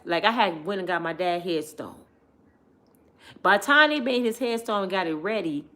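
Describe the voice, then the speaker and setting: A middle-aged woman telling family stories in a casual vlog, lively and chatty, laughing often and talking straight to her viewers. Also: lowish voice.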